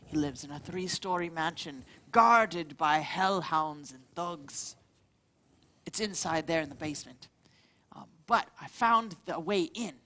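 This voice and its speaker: A woman's voice: on the low side, a bit bright. A woman as game master, describing a heist job in a playful, laughing way. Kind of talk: narrating a tabletop game.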